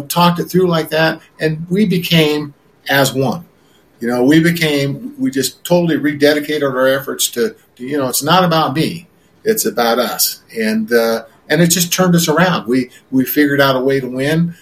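A man's voice: mid-range voice, rough recording. Older guy telling old football stories, lots of uh and you know, repeats himself. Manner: rambling, repeats words, many fillers. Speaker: interview guest, former quarterback. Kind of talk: relaxed reminiscing interview.

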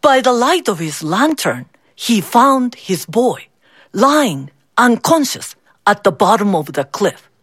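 A woman reading a folk tale aloud as a storybook, slowly and expressively. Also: on the high side, slightly rough, dry recording, clean studio sound. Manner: slow, expressive, switches into character voices.

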